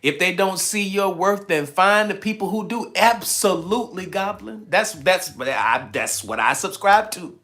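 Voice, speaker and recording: On his livestream, a male host gives an emphatic, sermon-like motivational talk, laughing frequently as he reads viewers' comments. He sounds high-pitched, expressive and fairly bright, moving at a measured pace with hardly any pauses.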